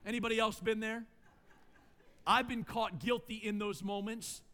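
High-voiced storytelling pastor in a hall. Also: male voice, moderate pace. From United States. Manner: storytelling, animated, humorous asides. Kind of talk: sermon with personal story. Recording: long hall reverb.

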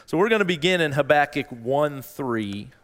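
A man preaching a sermon as pastor, earnest and given to repeating phrases, rising in pitch when he voices a desperate plea. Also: animated, normal speed, a bit bright. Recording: long reverb in a large hall.

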